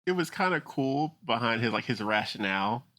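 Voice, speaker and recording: A man's voice: mid-range voice, animated, normal speed, sharp tone. A man in casual podcast chat, talking loosely with lots of fillers and some laughter. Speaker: podcast panelist.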